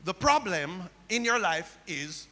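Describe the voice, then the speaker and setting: A man's voice: sits high, big pitch swings, slow, sharp tone. A man preaching a sermon as pastor, telling stories and repeating key phrases back to the congregation. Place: church sanctuary. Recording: long hall reverb.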